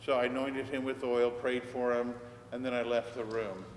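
A man's voice: mid-range voice, level tone, normal speed. An older man, a priest, preaching a sermon as a conversational story and acting out the dialogue. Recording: echoey church hall, faint background noise.

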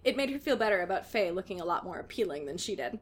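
With a mid-range, slightly rough voice, she talks fast in a sing-song way. She co-hosts a casual comedy podcast and reads fan fiction aloud dramatically, breaking into laughter.

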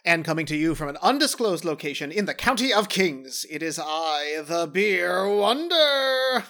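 Playful, lively-voiced male co-host. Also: a little high, normal speed. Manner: playful, theatrical interjections. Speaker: podcast co-host. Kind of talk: casual podcast chat. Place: home, remote call.

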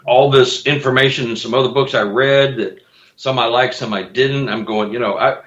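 A man talking as a guest on a show, an animated storyteller who repeats words and breaks into laughs. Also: medium pitch, moderate pace. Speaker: guest author and Bigfoot investigator. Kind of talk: casual chat. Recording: roomy, dull sound.

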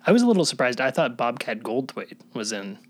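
A man's voice: mid-range voice, big pitch swings, a little fast. A man co-hosting a podcast in casual chat, chatty and playful. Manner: chatty, playful, does voices. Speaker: podcast co-host.

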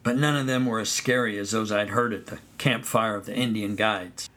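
A man narrating a first-person story of his boyhood at summer camp in a relaxed storytelling way. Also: fairly low pitch, normal speed. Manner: relaxed storytelling, sings song snippets.

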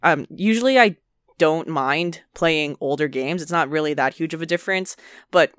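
Young woman, casual gaming chat, low smooth voice, dry mic. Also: moderate pace, a bit bright, no echo. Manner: easygoing, chatty, laughs along. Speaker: podcast co-host. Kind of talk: casual chat about video games.

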